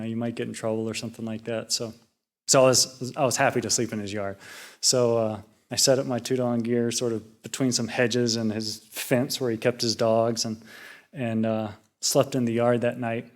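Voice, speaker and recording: A young man talks through a personal story at a relaxed, rambling pace. He is a junior Buddhist monk giving a casual reflection. He often restarts his sentences and fills pauses with small hesitations. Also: mid-range voice.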